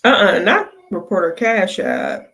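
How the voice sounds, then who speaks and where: A woman's voice: mid-range voice, huge pitch swings, a little slow, gravelly, a bit bright. A woman hosting a reaction video, talking unhurriedly and making blunt, profane asides. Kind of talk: casual reaction commentary.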